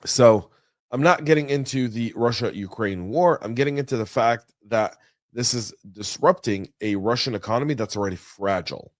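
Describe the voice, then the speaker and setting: A man runs through the day's news as a podcast host, chatty and energetic with folksy asides. His voice sits at a middle pitch. It is recorded close and dry on a studio mic. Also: moderate pace, no room sound. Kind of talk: casual news commentary.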